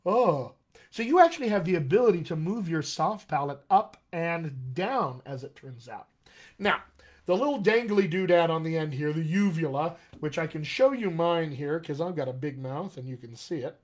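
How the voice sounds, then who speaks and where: Upbeat, high-voiced male dialect coach. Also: expressive, normal speed. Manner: upbeat, chatty teacher with frequent "all right". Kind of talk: live-streamed voice lesson.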